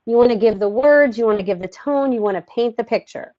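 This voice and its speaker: A woman giving a casual parenting lesson, animated and laughing often, acting out children's replies in low grumbles. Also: brisk, lo-fi sound. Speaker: parenting educator. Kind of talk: casual teaching talk.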